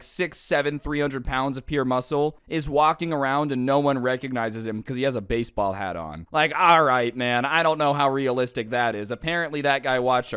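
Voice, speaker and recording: A man's voice: mid-range voice, a bit bright, smooth, dry recording, studio quality. A young man casually telling a funny story, sarcastic and chatty, acting out the people in it. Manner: chatty, sarcastic, acts out quotes. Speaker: storytime youtuber.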